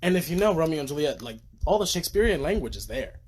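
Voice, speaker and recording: Male, slightly high voice, very animated. Sleep-deprived, rambling, profane movie fan on a phone stream at home. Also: quick pace, husky. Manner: gushing, rambling, swears freely. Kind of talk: casual livestream rant. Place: room at home at night.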